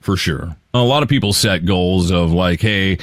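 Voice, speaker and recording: A man in his late forties co-hosts a podcast in a casual chat, telling stories, laughing often and swearing now and then. His voice sits low at a moderate pace, recorded with studio quality and no room sound.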